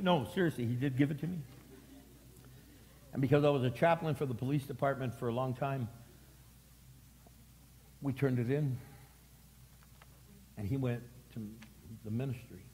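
A man preaching a sermon as pastor, telling stories with acted-out voices and sudden loud emphatic bursts. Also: medium pitch, normal speed, long pauses, slight background noise. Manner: animated storytelling, acting out voices, jumps to loud emphatic peaks. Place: church sanctuary. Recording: long hall reverb.

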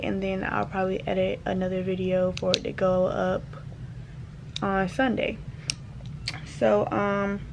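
A woman in her twenties chatting casually to the camera in a vlog, relaxed and full of fillers. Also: mid-range voice. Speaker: vlogger. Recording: slightly dull sound with steady background noise.

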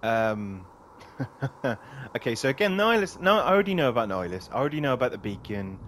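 A man's voice: medium pitch, animated, brisk, slight background noise. A man commenting casually on a game as he plays, swearing and laughing often. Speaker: gaming streamer. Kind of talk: casual let's-play commentary.

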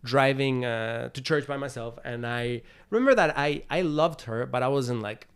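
A man's voice: mid-range voice, moderate pace, clear, resonant tone. Chatty man telling a personal story. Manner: chatty, loose storytelling full of "like" and "you know"; acts out his own past thoughts in quotes. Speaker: interview guest, TV host and producer. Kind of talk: casual storytelling interview.

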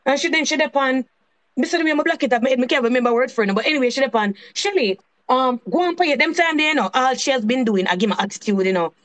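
A woman with a strong Jamaican accent vents on a live stream in a high-pitched voice. She circles back over the same points and swears freely in patois. The rant runs long and stays heated. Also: very fast. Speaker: channel host.

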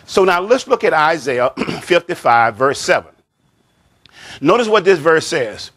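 A man preaching a sermon as pastor, slow and emphatic, repeating phrases and saying "amen" often. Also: on the high side, big pitch swings, a bit bright.

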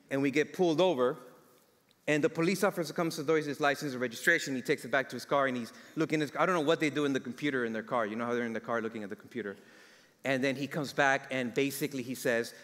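A man's voice: medium pitch, fairly bright tone. A man preaching a sermon, telling a story and asking the congregation questions. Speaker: guest preacher. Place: church sanctuary. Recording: long church hall reverb.

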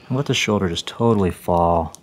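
A male chiropractor talking a patient through treatment in a calm, instructive way with the odd light joke. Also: low-pitched, brisk, a little hiss or hum.

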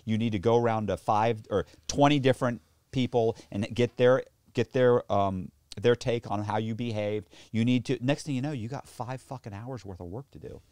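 A man as a podcast guest, telling stories in casual chat, profane and animated, and he mimics other people in the story with high squeals and low mutters. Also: normal speed, dry recording, clean studio sound.

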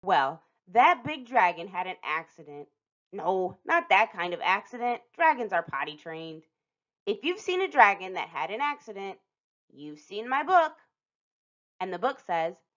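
A woman reading a picture book aloud to children as a storytime host, expressive and lingering on some phrases with dramatic pauses. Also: medium pitch. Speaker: storytime reader. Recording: dull lo-fi recording.

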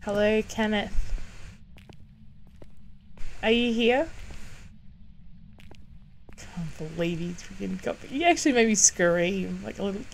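A woman's voice: mid-range voice, expressive, moderate pace, vocal fry, pauses often, a little hiss or hum. A young woman streaming a game live, chatting away, easily startled and laughing often. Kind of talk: live gaming commentary.

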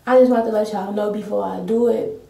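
Recorded on a phone camera in her bedroom, a young woman chats to viewers during a get-ready-with-me vlog, addressing them directly in a slangy, chatty way. Her voice is medium-pitched and warm with vocal fry, fairly even in intonation and a little fast.

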